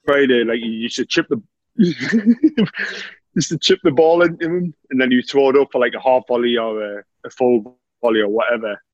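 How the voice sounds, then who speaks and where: A man's voice: mid-range voice, normal speed, no echo, highs cut off. A man, a former footballer telling laughing anecdotes in casual chat. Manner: laughing, animated anecdotes with lots of "mate".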